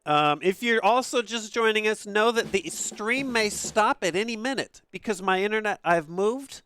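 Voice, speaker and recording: A man casually commentating a game stream from an upstairs room at home, excitable and profane, laughing often. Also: high voice, normal speed, a little hiss or hum.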